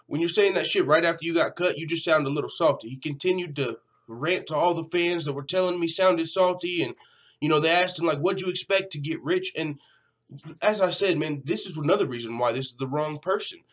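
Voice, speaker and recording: Man, slightly high voice, casual vlog commentary, animated, profane. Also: a little fast. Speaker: MMA news channel host.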